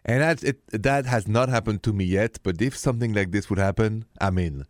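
A French-accented radio host with a lowish voice runs a late-night call-in show, chatty, warm-hearted, and openhearted, repeating the phone number slowly. The sound is studio quality with no echo.

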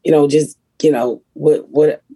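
A raspy middle-aged woman, a comedian hosting a podcast and telling blunt, profane stories. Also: low voice, fairly even intonation, measured pace, mellow, no echo. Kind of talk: casual podcast chat.

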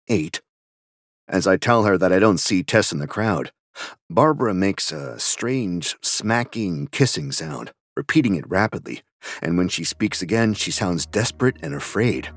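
A man narrating a first-person story in a slow, low, menacing way, sometimes dropping to a whisper. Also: lively intonation, breathy edge, no echo, clean studio sound. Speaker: audiobook narrator.

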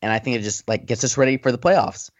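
A man's voice: mid-range voice, fast, dry recording. A man co-hosting a podcast, chatting casually and rambling with lots of fillers. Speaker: podcast co-host. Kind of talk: casual sports chat. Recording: dull lo-fi audio.

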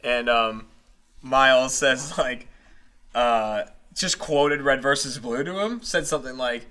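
A man's voice: medium pitch, unhurried, sharp tone. A man on a casual podcast, telling a story and laughing as he goes. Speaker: podcast co-host. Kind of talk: casual group chat.

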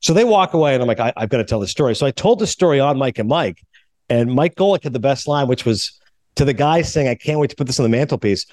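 A man from Canada hosting a podcast, telling stories in a lively way and acting out what others said. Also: medium pitch, quick pace. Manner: animated storyteller, acts out quotes. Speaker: podcast host. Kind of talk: casual sports and film chat.

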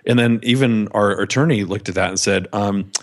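A man's voice: fairly low pitch, moderate pace. A man, a business owner guest on a podcast interview, telling candid, self-deprecating stories from his work.

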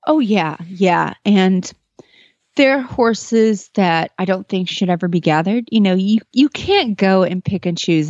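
An earnest woman speaks in a casual interview, telling a personal story with plenty of fillers and restarts. Her voice sits at a middle pitch. The sound is dry and slightly muffled. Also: slow pace, darkish tone, dry recording. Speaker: podcast guest, horse trainer.

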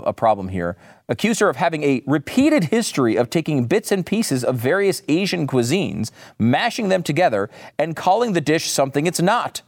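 Male host, high-pitched and lively. Sarcastic, incredulous rant, reads quotes aloud before mocking them. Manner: sarcastic, incredulous, rising to exasperated outbursts. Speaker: commentary host. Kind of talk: ranting commentary, reading quotes aloud.

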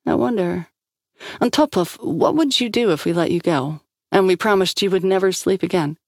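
A woman narrator voicing a shrewd woman agent who questions in a measured, probing way. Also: medium pitch, vocal fry, a little mellow, dry recording, clean studio sound.

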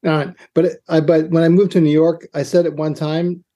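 A man's voice: on the high side, little pitch movement, moderate pace, mellow. A man from Boston with a Boston accent, a distiller guest talking about whiskey in an easygoing way with short replies. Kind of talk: casual whiskey tasting chat.

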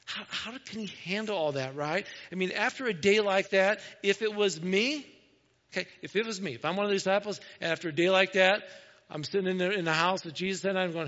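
A man preaching a sermon, retelling a gospel story in a casual, conversational way and often dropping to a soft, hushed voice. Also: sits high, a little fast. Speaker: pastor. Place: church sanctuary. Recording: dull, lo-fi church recording with long hall reverb.

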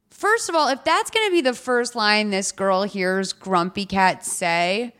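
A woman's voice: medium pitch, expressive, unhurried, few pauses, a bit bright. Chatty woman recapping a movie. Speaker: podcast host. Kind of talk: casual movie recap chat.

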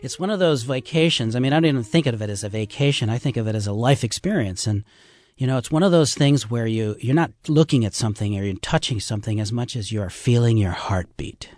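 A man's voice: medium pitch, lively intonation, fast talker, darkish tone, no room sound. An older man, a river guide, telling stories in an earnest, folksy way with plenty of fillers on a radio interview. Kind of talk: casual radio interview storytelling.

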